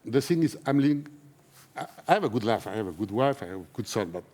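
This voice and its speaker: A man who speaks natively, talking in an emotional conference interview, earnest and halting, often repeating himself. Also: mid-range voice, very animated, a little mellow. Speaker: interviewee, whistleblower. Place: conference stage.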